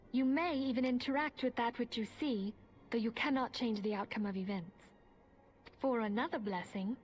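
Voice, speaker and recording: A woman playing a solemn, learned female mage in a game cutscene, speaking in a formal, measured way with archaic phrasing. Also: fairly high pitch, slight background noise, natural voice. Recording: muffled game audio with soft music.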